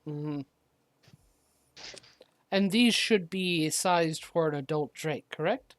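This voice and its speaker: A woman playing a character in a tabletop game, speaking deliberately. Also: low-pitched, dry recording. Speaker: player. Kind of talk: tabletop role-play.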